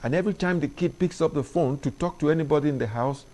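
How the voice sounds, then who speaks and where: A middle-aged man delivers a preachy opinion monologue to parents. His voice sits a little high for a man. He leans hard on his points, pushing up in pitch when he stresses them. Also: quick pace, warm tone. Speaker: commentary show host.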